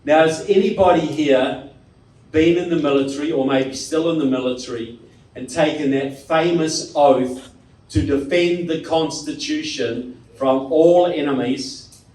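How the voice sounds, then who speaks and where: A man's voice: a little high, unhurried, a little mellow, slight background noise. A man from New Zealand with a New Zealand accent, giving a joking, rhetorical speech to a live audience and asking the crowd questions. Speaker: guest speaker. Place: hall with audience. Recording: roomy hall from a distant mic.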